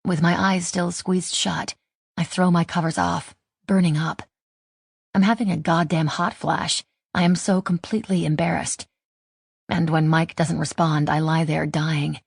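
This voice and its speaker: Brief: female audiobook narrator, self-deprecating first person, husky tone, dry close sound. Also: on the low side, fairly even intonation, a little slow, no echo.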